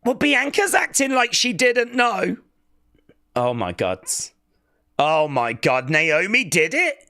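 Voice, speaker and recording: Excitable man reacting live, high lively voice. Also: slow pace. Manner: excitable, talks back at the screen. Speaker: wrestling watch-along streamer.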